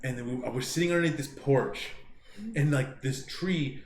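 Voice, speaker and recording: A man's voice: medium pitch, normal speed, echoey room, a little hiss or hum. A man in his thirties from Southern California, co-hosting a podcast and telling rambling, profane stories with laughs mixed in. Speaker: podcast co-host. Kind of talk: casual storytelling chat.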